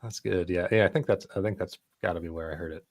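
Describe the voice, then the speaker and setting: A man voicing a laid-back female chicken producer in low, quick, mumbled asides. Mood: drowsy casual.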